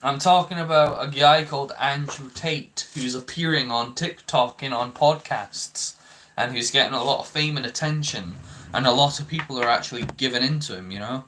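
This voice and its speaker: A man's voice: medium pitch, normal speed, pushed and bright, slight background noise. A young man ranting to his viewers, heated and swearing often, with frequent stammering restarts. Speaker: vlogger. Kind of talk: ranting commentary to camera.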